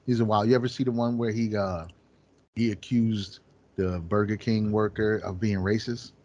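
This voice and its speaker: A man in casual podcast chat, animated and profane, acting out quotes as he tells stories. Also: fairly low pitch, moderate pace, highs cut off.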